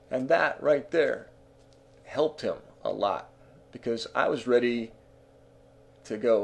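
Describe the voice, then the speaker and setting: A man's voice: medium pitch, a little slow, gravelly, pauses often, darkish tone. A man talking through music business advice in a casual, conversational way, with frequent fillers and restarts.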